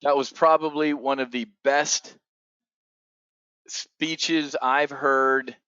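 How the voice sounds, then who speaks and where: A man hosting an options trading show, giving excitable, blunt commentary full of swearing. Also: medium pitch, slow pace, clean tone, no room sound, lo-fi sound. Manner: excitable, profane, blunt asides. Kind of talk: live market commentary.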